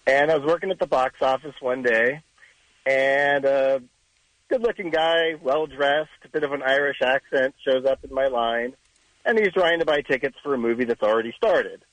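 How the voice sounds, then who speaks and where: Calm man calling in to radio, mid voice, dry sound. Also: medium pitch, normal speed, dry recording, low-quality recording. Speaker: caller. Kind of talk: telling a story on a phone-in.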